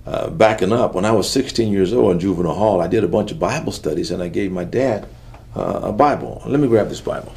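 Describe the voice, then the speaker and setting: A middle-aged man with a deep, gravelly voice tells his life story in an interview. He talks in an earnest, halting way and sinks quieter when the memories weigh on him. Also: slight background noise. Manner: earnest, halting storytelling that drops soft at heavy moments. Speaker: interview guest. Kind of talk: personal testimony in an interview.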